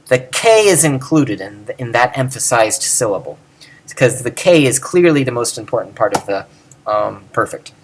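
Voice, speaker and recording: A teacher with a medium-pitched, fairly bright voice gives an informal recorded lecture on Greek grammar. He thinks aloud with fillers and self-corrections, drawing out example words.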